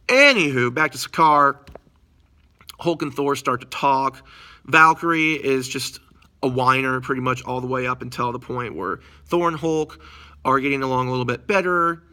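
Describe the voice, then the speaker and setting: Bright-voiced excited movie reviewer man. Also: mid-range voice. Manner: excited, rambling, slangy. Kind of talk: casual spoiler-filled movie recap.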